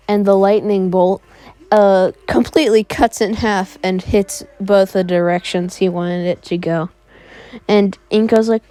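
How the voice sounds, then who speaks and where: A woman's voice: medium pitch, warm tone, low-quality recording. A woman casually improvising a story, rambling with many fillers.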